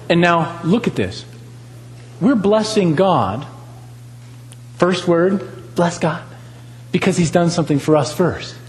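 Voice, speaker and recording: A man preaches with a high voice that climbs and drops in lively swings. He asks the congregation questions and drives his points home by repeating them. The sound carries a long reverb from a large church hall. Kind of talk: sermon.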